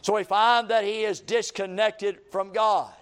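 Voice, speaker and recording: Male preacher, high voice, passionate sermon, loud peaks and hushed lows. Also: fairly even intonation, measured pace, clean tone. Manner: rising to impassioned shouts, then dropping low; reads scripture in old-fashioned cadence.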